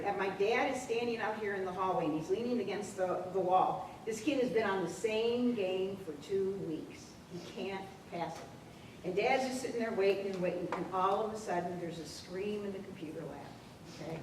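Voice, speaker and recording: A woman presenting at a workshop, telling school anecdotes with animated storytelling and acting out the dialogue. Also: mid-range voice. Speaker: school administrator presenting a program. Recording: echoey room, distant mic, faint noise.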